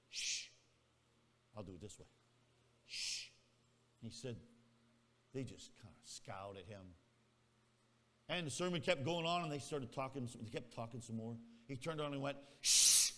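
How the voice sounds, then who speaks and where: A man's voice: medium pitch, fairly bright tone. A male pastor telling a story in a sermon in a folksy manner, teasing his congregation. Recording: echoey hall reverb.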